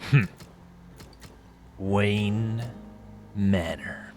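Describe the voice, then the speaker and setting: Male gaming streamer, low and casual, self-mocking banter over gameplay. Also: drawn-out words, soft background music. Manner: joking and self-mocking, thinks aloud. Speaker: gaming streamer playing through a game. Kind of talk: casual let's-play commentary.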